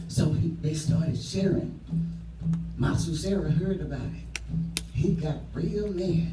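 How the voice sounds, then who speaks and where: Male children's storyteller, lively call-and-response, slow, distant echoey room with music. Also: a little high.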